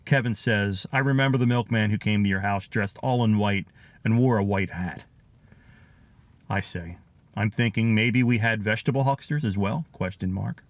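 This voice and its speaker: A man's voice: on the low side, moderate pace, dry recording. A middle-aged man with a Philadelphia accent, hosting a podcast and reading out listener comments in a chatty, nostalgic way, chuckling often. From Philadelphia area, USA. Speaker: podcast host.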